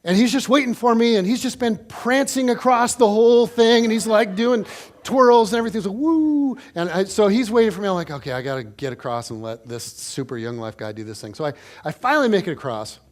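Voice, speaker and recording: High-voiced man preaching a story sermon. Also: a little fast. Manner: animated, conversational storytelling to the congregation. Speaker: pastor.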